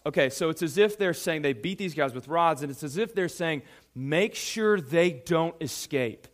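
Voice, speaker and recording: Animated young-sounding male preacher. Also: a little high. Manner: animated, emphatic preaching with pauses; addresses a youth audience directly. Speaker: pastor. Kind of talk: sermon.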